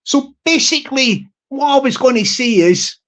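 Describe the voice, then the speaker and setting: A man's voice: very high voice, lively intonation, a bit bright, poor audio. A man talks to his live stream in a loose, rambling way. He stalls on fillers and restarts often, and he repeats his points over and over. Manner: halting, repetitive, many fillers and restarts.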